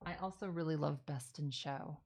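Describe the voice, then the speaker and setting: Woman, live stream host, low voice, a bit of vocal fry, chatty, rambling, self-correcting. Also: normal speed, a little mellow, rough recording. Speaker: live stream host answering viewer questions. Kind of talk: casual chat. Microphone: streaming setup while working on a craft.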